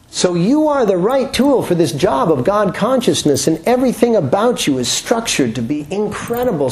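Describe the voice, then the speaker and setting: This is a man leading a yoga class, with a voice pitched a little above the usual. He talks in a relaxed, chatty way, cracks small jokes and checks in with the room. It sounds like a talk given to a room full of students. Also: background noise. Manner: relaxed, chatty, joking, with rhetorical questions. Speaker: yoga teacher.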